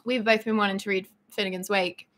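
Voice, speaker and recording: A woman's voice: medium pitch, little pitch movement, fairly quick, fairly bright tone. A woman chatting casually as co-host, giggly and self-deprecating. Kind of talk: casual chat.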